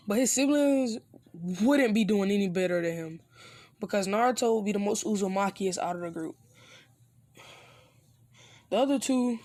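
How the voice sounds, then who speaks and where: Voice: mid-range voice, darkish tone, dry recording. A narrator improvising a fan story in a rambling, casual way, full of fillers and restarts.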